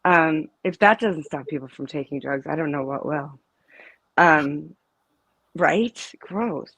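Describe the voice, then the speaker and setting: A woman's voice: deep voice, slow pace, fairly bright tone, breathy edge, no room sound. Rambling, emphatic middle-aged woman. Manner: rambling, emphatic, trails off and restarts. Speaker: interview guest, mother of a student. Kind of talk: casual live interview chat.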